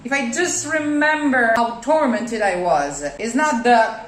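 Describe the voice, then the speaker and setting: High-voiced, blunt woman voice teacher. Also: lively intonation, a little slow. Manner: blunt, demanding, corrective. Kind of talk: singing lesson coaching. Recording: roomy room with faint piano.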